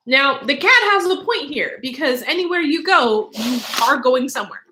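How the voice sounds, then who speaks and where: A woman's voice: high voice, lively intonation, normal speed, sharp tone, slight background noise. A young adult woman teacher reading a story aloud and stopping to explain words in a chatty way, with many fillers and asides.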